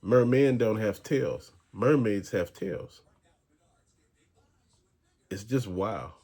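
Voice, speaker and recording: A man's voice: on the low side, drawn-out words, warm tone. A man hosting a rambling conspiracy-theory rant, talking in an emphatic, slangy way. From American South. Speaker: channel host.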